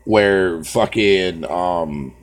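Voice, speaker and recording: A man's voice: sits low, very slow. A man ranting profanely on a casual live stream, talking to his viewers by name and swearing constantly.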